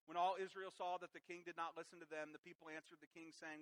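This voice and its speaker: A man's voice: fairly high pitch, flat delivery, fast, a bit bright, poor audio. A man preaching a sermon who reads scripture aloud and then explains it with emphatic rhetorical questions. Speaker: pastor.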